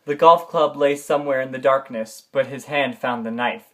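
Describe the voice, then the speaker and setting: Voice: medium pitch, moderate pace. A person reading a story aloud in a casual, laid-back way. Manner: reads steadily, breaks into laughter. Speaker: reader.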